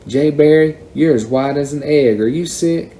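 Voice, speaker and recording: A man reading aloud and voicing a prim, bossy little girl who scolds and tattles in a shrill voice. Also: moderate pace, dark tone, close to an everyday voice. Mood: scolding.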